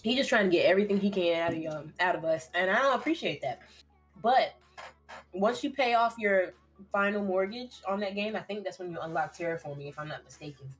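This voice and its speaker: A woman's voice: medium pitch, a little fast, soft background music. A woman co-hosting a casual podcast chat, giggly and chatty, eating while she talks. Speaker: co-host.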